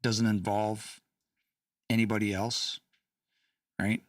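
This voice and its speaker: Slow-talking man teaching on a livestream. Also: fairly low pitch, little pitch movement, dry recording, studio quality, recorded from a distance. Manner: chatty, laughs, reads chat aloud. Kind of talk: casual livestream lesson.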